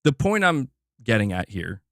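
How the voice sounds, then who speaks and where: A man's voice: on the low side, sing-song, moderate pace, fairly bright tone, dry recording, studio quality. A man giving blunt, opinionated commentary on gaming news, emphatic and repeating himself as he pushes his point.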